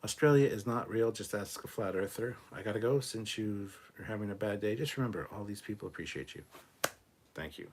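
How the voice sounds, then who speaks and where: A man hosting a casual livestream, reading viewer comments aloud and answering them in a relaxed, off-the-cuff way, swearing freely. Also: low voice, a little hiss or hum. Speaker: livestream host reading chat. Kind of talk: casual live chat.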